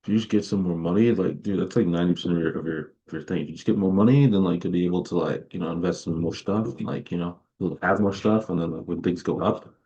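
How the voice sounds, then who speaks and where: A man's voice: low voice, fast, few pauses, dark tone. A young man streaming, chatting casually about his investments and filling his talk with "like" as he rambles. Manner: rambling, heavy on "like" fillers. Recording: dull lo-fi stream mic.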